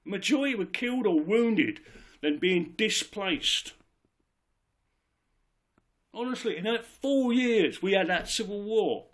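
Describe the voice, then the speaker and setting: A man's voice: sits high, animated, slow, long pauses, a bit bright. A man giving an impassioned political monologue, emphatic and repetitive, swearing as he rants. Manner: ranting, emphatic, swears, repeats himself. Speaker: political speaker.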